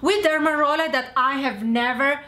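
A high, bright-voiced woman rants straight to camera, blunt and repetitive, swearing and yelling at times. Her voice rings off the walls of an echoey room. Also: moderate pace. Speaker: skincare vlogger and seller. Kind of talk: angry ranting vlog.

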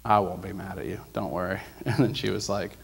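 Male preacher, lowish voice, energetic storyteller who acts out quotes, rises loud when preaching. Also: brisk, gravelly, breathy edge. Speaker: preacher sharing a testimony. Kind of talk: sermon storytelling. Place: church.

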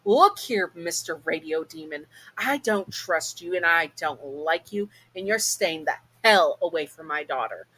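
A woman's voice: medium pitch, very animated, normal speed, few pauses, a bit bright, rough recording. A woman voicing a blunt, protective queen mother in a storytelling video.

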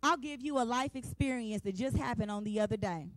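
A woman in her forties gives a women's day sermon, preaching passionately with emphatic repeated refrains in a colloquial, down-to-earth style aimed straight at the congregation. Her voice is high and fairly quick. The sound is close and dry, with no echo or room around it.

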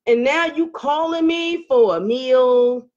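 A middle-aged woman chats on a live stream in a fairly high voice. She reads comments aloud, laughs often, and swings between teasing and heated venting. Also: slow, dull audio. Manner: animated, laughing, emotional outbursts, Southern Black vernacular phrasing. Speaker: live-stream host reading viewer comments. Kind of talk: casual live-stream chat.

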